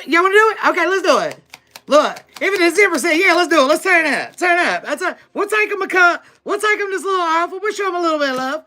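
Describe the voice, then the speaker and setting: Her voice is very high, pushed and bright as she reads tarot live. Addressing viewers directly, she's sassy and emphatic, breaking into frequent laughter.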